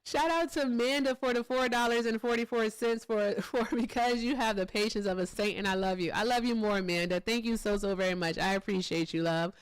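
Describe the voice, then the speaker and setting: A woman's voice: a little high, fairly quick, few pauses, clean tone, no echo. Chatty, laughing livestream host woman. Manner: chatty, laughs often, swears freely. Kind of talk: casual live-stream chat, thanking donors.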